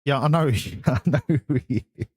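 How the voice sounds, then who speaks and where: A man's voice: medium pitch, normal speed, breathy edge, no echo, clean studio sound. A man hosting a live stream, chatting casually and teasing his viewers in a joking way. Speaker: livestream host.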